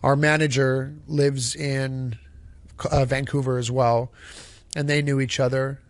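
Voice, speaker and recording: A man's voice: mid-range voice, level tone, unhurried, no room sound. Guy from a band rambling through a story, swears a lot, mid voice, super dry close sound. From Canada. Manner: rambling storyteller, swears freely, restarts sentences. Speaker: band singer and songwriter. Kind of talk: casual interview answers.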